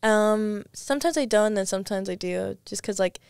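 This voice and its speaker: Creaky, smooth-voiced young woman storyteller. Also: mid-range voice, a little fast, a little mellow, no room sound. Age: young adult. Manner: rambling, peppered with "like" and restarts. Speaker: podcast guest. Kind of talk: casual storytelling chat.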